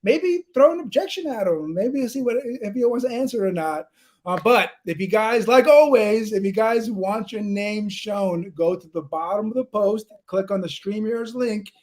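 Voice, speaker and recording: A man's voice: high-pitched, a little mellow. A man from New York with a New York accent, hosting a live-streamed interview in an upbeat, chatty way and calling on viewers to comment. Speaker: livestream host.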